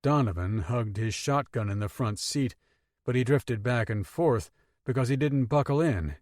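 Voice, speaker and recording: A man narrating an audiobook in steady, expressive storytelling. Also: medium pitch, moderate pace, no echo, clean studio sound. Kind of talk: scripted narration.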